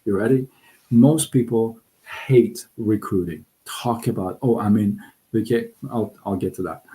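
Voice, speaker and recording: A middle-aged man hosting a casual live stream, talking in an animated, excitable way with frequent restarts. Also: on the low side, unhurried, poor audio. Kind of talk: casual livestream talk. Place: Southern California.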